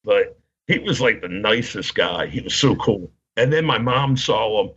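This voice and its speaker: A man's voice: on the low side, measured pace, a bit bright, breathy edge, muffled recording. A man in his fifties from Baltimore, telling long rambling stories in casual podcast chat. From Baltimore, Maryland. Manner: rambling anecdotes, acts out quoted voices.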